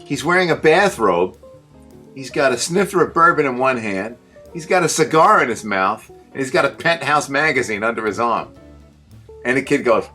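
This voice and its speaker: Animated storytelling male host. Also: medium pitch, moderate pace, faint music behind. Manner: animated, laughs at his own stories. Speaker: show host. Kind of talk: casual comedic storytelling.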